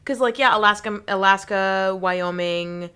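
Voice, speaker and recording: A woman's voice: medium pitch, measured pace, bright, forceful tone, clean tone. A young woman co-hosting a podcast in casual chat, jokey and giggly, slipping into silly voices. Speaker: podcast co-host.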